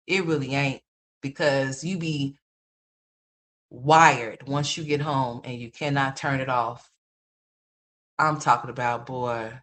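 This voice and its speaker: A woman in her fifties hosting a livestream, telling blunt, profane stories to her chat and laughing at her own jokes. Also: rumbling low. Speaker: livestream host. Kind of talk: casual profane storytelling to a live chat.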